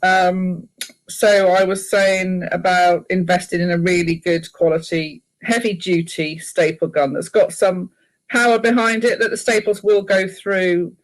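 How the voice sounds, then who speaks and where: A woman guest chatting in an interview, telling lively stories and laughing often. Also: fairly low pitch, a little slow, poor audio.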